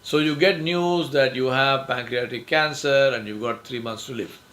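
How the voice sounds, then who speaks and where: Middle-aged male lecturer, emphatic, lively delivery, quotes acted out. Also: normal speed, low-quality recording. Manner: emphatic, acts out quoted phrases with rising pitch. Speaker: speaker on success skills. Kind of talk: motivational talk.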